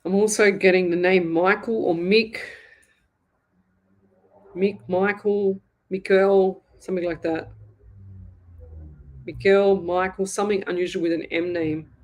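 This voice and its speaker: An Australian woman hosting a live psychic reading, speaking in a sympathetic, halting way and repeating herself often. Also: on the low side, steady tone. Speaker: psychic medium host.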